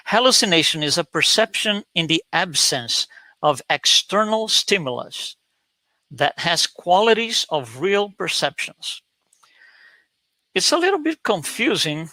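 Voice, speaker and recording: Male presenter, slide talk, bright forceful voice, dry close sound, halting delivery. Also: fairly high pitch, dry recording, poor audio. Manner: hesitant, repeats words, storytelling.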